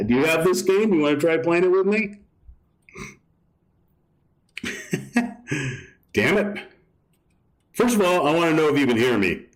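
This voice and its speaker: In an echoey room with poor audio, a man speaks in a fairly high, sing-song voice at an unhurried pace with long pauses. He's livestreaming a video game, chatting loosely, occasionally cursing, and reading text off the screen.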